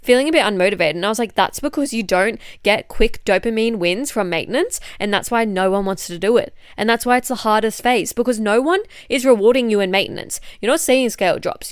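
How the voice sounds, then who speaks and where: A woman's voice: mid-range voice, smooth, no room sound, clean studio sound. A woman with an Australian accent, a fitness coach and podcast host who is a bit unwell, talking in a blunt, chatty, swear-heavy way. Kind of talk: casual chat monologue.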